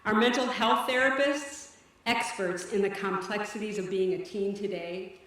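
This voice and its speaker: A woman directing a teen services program, giving an earnest, measured speech at a benefit event on stage. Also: mid-range voice, a bit bright. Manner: earnest, measured, slightly breathless delivery. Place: event stage in a large hall. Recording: echoey hall from far off.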